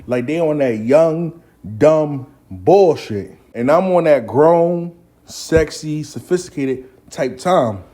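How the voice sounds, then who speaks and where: Mellow-voiced man telling a profane story. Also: a little high, takes it slowly. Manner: profane, animated, acts out the people he quotes. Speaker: host. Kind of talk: casual storytelling.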